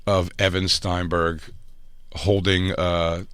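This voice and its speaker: Low-voiced man with a dry sound. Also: slow, clear, resonant tone, dry recording. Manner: animated retelling with impressions. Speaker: comedian podcast co-host. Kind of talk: casual chat.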